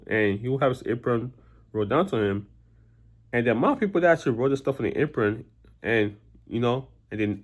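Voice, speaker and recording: Vlogger type: a quick-talking man, rambling, blunt, exasperated. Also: medium pitch. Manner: rambling, repeats himself with many "you know"s. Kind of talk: casual monologue.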